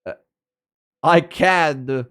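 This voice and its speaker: A man's voice: fairly high pitch, takes it slowly, clean tone. A man streaming a game and chatting with his viewers, teasing them and laughing often. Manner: playful, teasing, laughs often, jumps between loud and mumbled; reads chat aloud and answers viewers. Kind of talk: casual livestream chat.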